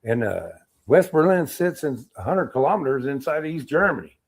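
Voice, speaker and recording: Gravelly middle-aged veteran telling stories. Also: male voice, fairly high pitch, brisk. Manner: animated storyteller, acts out quotes, laughs. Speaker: Army veteran guest. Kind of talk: casual storytelling interview.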